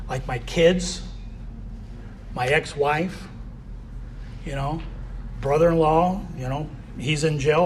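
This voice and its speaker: A man's voice: on the high side, a little hiss or hum. A man giving a candid personal recovery share as a convention speaker, often saying "you know".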